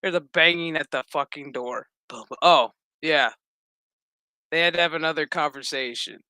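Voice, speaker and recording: A man's voice: fairly high pitch, normal speed, clear, resonant tone, dry recording. A man hosting a casual show recap, rambling, swearing freely and acting out the scenes. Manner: rambling, profane, animated. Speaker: host.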